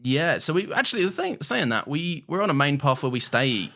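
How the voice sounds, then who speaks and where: A man's voice: on the high side, big pitch swings, brisk, creaky, sharp tone. A man co-hosting a rewatch podcast in casual chat, talkative, with frequent stammered restarts. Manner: chatty, stammering restarts, laughs easily. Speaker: podcast co-host.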